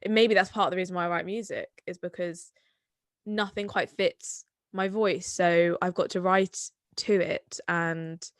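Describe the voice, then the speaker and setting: A woman's voice: fairly low pitch, steady tone, measured pace, dry recording. A young woman from the English West Country speaks with a Somerset accent, talking loosely and at length. She is full of fillers and restarts. Her voice sounds close and dry, with no room around it. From Somerset, England. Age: 20s. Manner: chatty, rambling, many fillers. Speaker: guest, singer-songwriter. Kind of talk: casual conversation.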